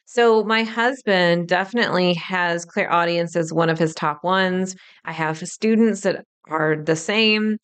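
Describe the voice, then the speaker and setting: A woman's voice: fairly low pitch, fairly bright tone, clean tone. A woman in her thirties hosting a solo podcast, explaining things in an upbeat way. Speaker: podcast host.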